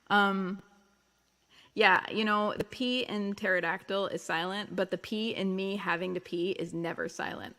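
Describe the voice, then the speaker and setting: On her livestream, a musician with a Long Island accent, from Long Island, New York, reads out viewer comments and jokes in a casual chat. Her mid-range voice has a fairly bright tone.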